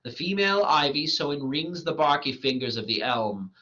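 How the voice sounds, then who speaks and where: A man's voice: fairly high pitch, big pitch swings, normal speed, sharp tone. A man reading the part of a lovestruck fairy queen, in a tender, doting way. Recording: lo-fi dull recording.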